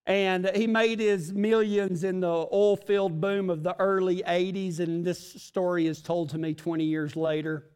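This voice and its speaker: High-voiced pastor preaching with big swings. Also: male voice, level tone, smooth. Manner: swings between loud, emphatic lines and hushed, slow ones, with joking asides. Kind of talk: sermon.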